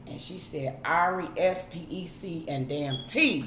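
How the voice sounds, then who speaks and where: A woman's voice: low-pitched, measured pace, hardly any pauses, reverberant, noisy background. A middle-aged woman, giving her viewers blunt, preachy advice in a casual monologue, talking right to them and cursing freely. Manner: preachy and blunt, talks to the audience, drawls, swears. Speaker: vlogger.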